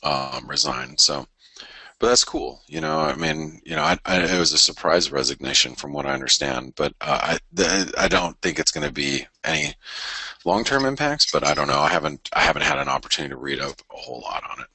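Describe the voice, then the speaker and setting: A man's voice: rumbling low, sing-song, fairly quick, creaky, sharp tone, slightly rough, no echo. A middle-aged man hosting a live trading show, talking casually and rambling with many stammered restarts as he thinks aloud. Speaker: forex trading show host. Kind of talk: casual live market commentary.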